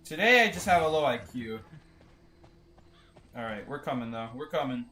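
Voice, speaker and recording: Young male game streamer, chatty and jokey, animated and bright. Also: medium pitch, moderate pace. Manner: chatty and joking, reads chat aloud. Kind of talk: casual gaming stream commentary.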